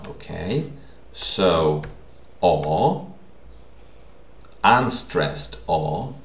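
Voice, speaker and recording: A man teaching a language lesson, repeating words slowly and checking in with the listener. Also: low voice, animated, vocal fry. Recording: echoey room.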